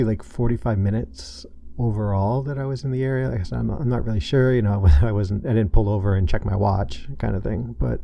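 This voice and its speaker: A man hosting his own podcast, telling a painful personal story in a halting way, full of restarts and fillers. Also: lowish voice, creaky, dark tone, a little hiss or hum. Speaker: podcast host. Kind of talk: personal confessional monologue.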